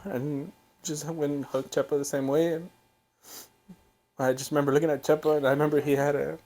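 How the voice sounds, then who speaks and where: A young man hosting a podcast, recalling a painful family memory in a halting, emotional way. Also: a little high, level tone. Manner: halting, emotional, soft-spoken. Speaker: podcast host. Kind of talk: emotional personal storytelling.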